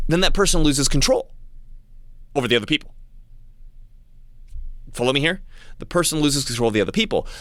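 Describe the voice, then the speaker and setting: A man talking in a casual monologue to his channel's viewers, halting with frequent restarts and repeated words. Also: a little high, pushed and bright, no echo. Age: adult with young child. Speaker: channel host.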